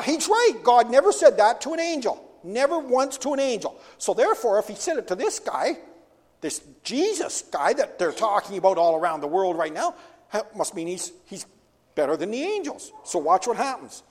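A man's voice: sits high, a little mellow. A man preaching a sermon as pastor, asking rhetorical questions and answering them himself. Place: church sanctuary. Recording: long church hall reverb.

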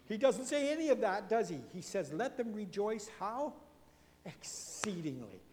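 Animated preacher man in a reverberant hall. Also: sits high, moderate pace. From Canada. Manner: animated storytelling preacher, swings from loud emphasis to hushed asides. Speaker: pastor. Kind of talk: sermon.

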